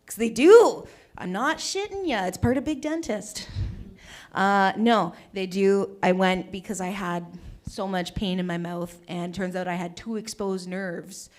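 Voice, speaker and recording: A woman performs stand-up into a handheld mic on a small venue stage. Her voice sits at an ordinary middle pitch, and she is bubbly and chatty, asking the front row questions between jokes. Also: unhurried. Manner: bubbly, chatty, works the crowd. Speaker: stand-up comic. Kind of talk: stand-up comedy set.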